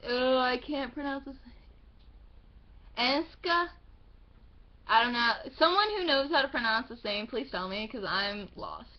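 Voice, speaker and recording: A young woman vlogger chatting about her book haul, gushing and excitable, swearing now and then. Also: fairly high pitch, dull audio. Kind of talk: casual book haul chat.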